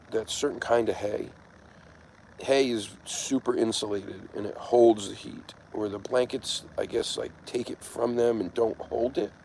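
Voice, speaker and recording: Gravelly low-voiced man rambling outdoors. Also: a little mellow. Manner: meandering, halting, full of ums and restarts; coaxing and tender when speaking to a cat. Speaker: livestream host. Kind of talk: casual rambling livestream chat. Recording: noisy outdoor recording with passing traffic.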